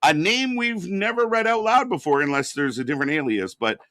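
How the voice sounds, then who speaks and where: A man's voice: fairly high pitch, lively intonation, brisk, bright, forceful tone, dry recording, clean studio sound. A man co-hosting a casual live wrestling stream, agreeing with his partner and explaining the chat points contest. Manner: agreeable, backs up co-host with short replies, runs chat points contest. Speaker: co-host of a live wrestling watch-along stream.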